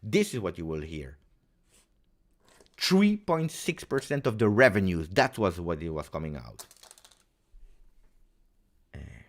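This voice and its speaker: A man's voice: deep voice, sing-song, slow, long pauses. A man hosting a fan live stream, ranting heatedly and repeating himself for emphasis. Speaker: fan channel host.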